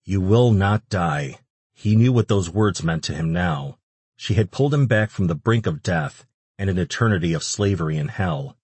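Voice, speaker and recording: A man reading an audiobook in steady, even scripted narration, recorded close on a studio mic. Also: sits low, husky, dry recording.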